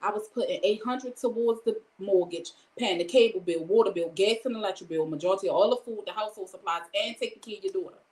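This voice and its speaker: A woman's voice: mid-range voice, quick pace, few pauses, darkish tone. Earnest woman telling a story in an echoey room. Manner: retells events by quoting each exchange ("I said", "he said"); earnest and candid, often invoking God. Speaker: storyteller sharing a personal testimony. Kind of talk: casual spoken testimony.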